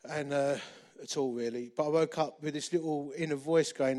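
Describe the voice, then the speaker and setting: Animated preacher, fairly high voice. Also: male voice, fairly quick, few pauses. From England. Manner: animated, self-deprecating humour. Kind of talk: storytelling sermon.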